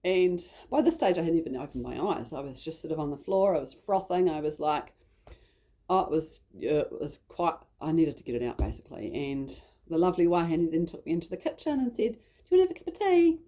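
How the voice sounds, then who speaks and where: Speaking fairly quickly in a low, mellow voice, this New Zealand vlogger rambles through a personal story. Her style is chatty, with "like" cropping up constantly.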